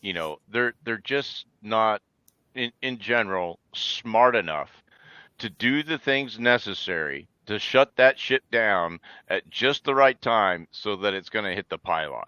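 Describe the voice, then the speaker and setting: A man in casual chat, speaking in a measured, dry way. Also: lowish voice, expressive, pushed and bright, clean tone, no room sound. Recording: dry, dull close mic.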